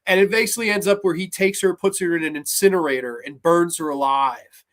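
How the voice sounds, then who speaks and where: A man with a slightly high voice runs through horror film plots in a casual, rambling review. He gushes over what he loves and swears freely. His delivery is loose and unscripted. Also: fairly quick. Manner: enthusiastic, profane, rambling. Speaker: horror podcast host.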